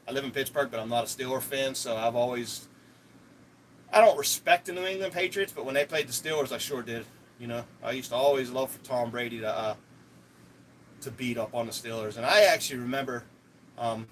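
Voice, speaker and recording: A man's voice: mid-range voice, fairly bright tone, a little hiss or hum, poor audio. A man chatting casually to viewers on a live stream, rambling with lots of restarts and fillers.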